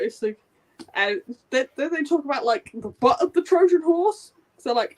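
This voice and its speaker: A woman in a casual book club chat, retelling a plot with lively acted-out quotes. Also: high-pitched, moderate pace, slight background noise.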